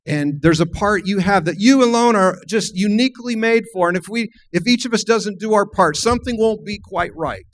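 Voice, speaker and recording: A man's voice: high voice, moderate pace, hardly any pauses, low-quality recording. A middle-aged man, a minister, preaching a sermon and telling a personal story in an earnest way. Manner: earnest, storytelling, frequent restarts.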